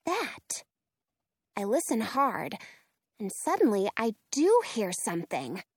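A woman reading a children's storybook aloud in an expressive, animated way. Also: mid-range voice, a little slow, breathy edge, no echo, studio quality.

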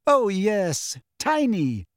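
Guy putting on a scared teen girl voice, high and shrill, kinda sarcastic, dry close sound. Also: expressive, a little slow, a little mellow, no room sound, full character voice. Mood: anxious, shrill. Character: anxious clever teenage girl, shrill when upset.

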